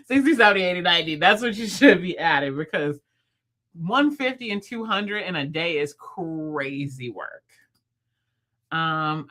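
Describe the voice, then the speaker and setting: A young woman chats on her livestream in a bright, lively voice. She talks fast and playfully, and she laughs often as she talks to her viewers. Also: lowish voice. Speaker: livestream host. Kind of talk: casual livestream chat with viewers.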